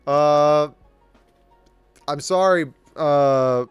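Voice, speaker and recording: A man's voice: fairly high pitch, drawn-out words, smooth, no echo, faint music behind. A man hosting his own channel, giving casual commentary on the news. He rambles, breaks off mid-sentence and slips in apologetic asides. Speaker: channel host.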